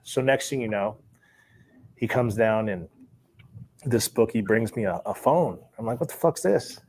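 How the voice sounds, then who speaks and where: A man's voice: on the low side, measured pace, slight background noise. A man, a former sports bookie, casually telling a long story and acting out the dialogue he recalls. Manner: relaxed, acts out quoted dialogue, chuckles between lines.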